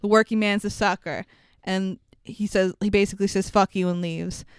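A woman casually recapping a film with a co-host, animated and swearing, acting out the lines she quotes. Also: mid-range voice, moderate pace, clean tone, no room sound, studio quality.

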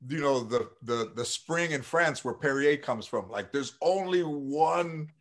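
A man's voice: fairly high pitch, expressive, a little slow. A man recalling a film shoot in casual chat, reflective and drawn out, with the odd curse.

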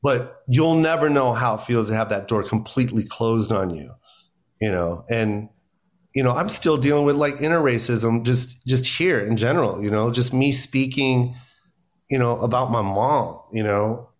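A man who is a guest comedian, speaking in a casual podcast conversation, animated and emphatic, with his voice jumping up when he makes a point and many "you know"s. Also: mid-range voice, moderate pace.

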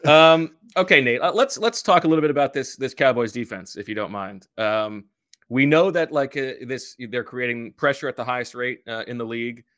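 A man hosting a sports podcast in casual chat, halting with many fillers and restarts. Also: mid-range voice, fairly bright tone, no echo, studio quality. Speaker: podcast host.

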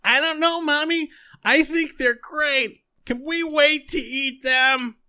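Squealy monster kid voice, shrill, super high. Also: male voice, slow, sharp tone, full character voice. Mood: pleading. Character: monstrous earthworm-like boy, childish, eager.

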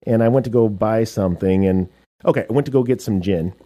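A man chats casually on a talk show, his voice mellow and warm. He tells stories with energy and acts out the other people in them. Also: lowish voice, fast. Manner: animated storyteller, acts out quotes. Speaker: co-host. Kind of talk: casual chat.

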